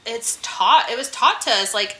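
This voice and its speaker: A woman's voice: a little high, lively intonation, normal speed, sharp tone, soft background music. A woman in her thirties co-hosting a podcast, chatty and swearing casually. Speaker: podcast co-host.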